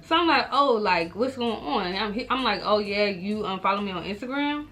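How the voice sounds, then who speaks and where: Addressing her viewers directly, a young adult woman shares a personal story in a relaxed vlog, animated as she performs her own reactions. She has a medium-pitched voice and a moderate pace.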